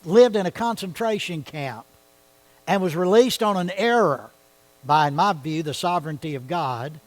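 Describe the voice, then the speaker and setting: A man's voice: on the high side, lively intonation, moderate pace, low-quality recording. A man leading a church Bible study, talking conversationally and often asking his listeners questions. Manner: conversational, asks the audience questions.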